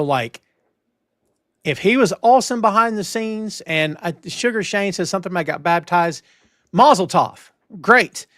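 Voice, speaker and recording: A man hosting a wrestling news talk show, emphatic and animated, with lots of restarts. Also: sits high, dry recording, clean studio sound. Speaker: podcast host. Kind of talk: casual wrestling news chat.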